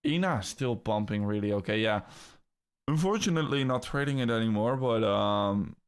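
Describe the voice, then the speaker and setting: A young man with a Dutch accent chats loosely through a live crypto stream, answering viewers' comments. His voice sits a little low, and he often repeats words and restarts his sentences as he talks. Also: animated, moderate pace, smooth. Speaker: crypto livestream host. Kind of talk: casual livestream chat reading comments.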